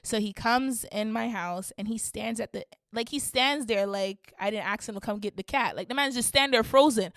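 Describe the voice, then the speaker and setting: A young woman from Canada telling a story on her podcast in casual slang, getting animated and shrieking at the funny parts. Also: a little high, moderate pace, few pauses, dry recording, studio quality. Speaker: podcast host.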